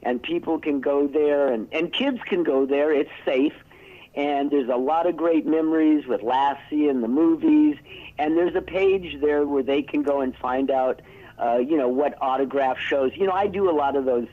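A man's voice: fairly high pitch, normal speed. A man in his sixties, a guest in a casual interview, telling stories in a rambling way that keeps breaking off and restarting. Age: 60s. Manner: rambling, self-interrupting storyteller. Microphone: telephone. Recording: tinny phone line.

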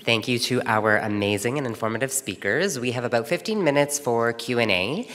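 A man moderating a conference session, giving clear, organized directions for the Q and A. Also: mid-range voice, fairly quick, a bit bright. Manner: organized, friendly announcements. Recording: long reverb of a conference hall.

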